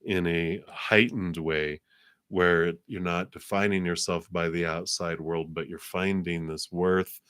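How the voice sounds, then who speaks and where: Man, low deep voice, tarot reader, casual live stream, chatty, laughs a lot, dry close sound. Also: fairly even intonation, a little slow, fairly bright tone, smooth, dry recording. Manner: chatty, easygoing, laughs often between phrases; rambling with fillers, paraphrases spirits in his own voice.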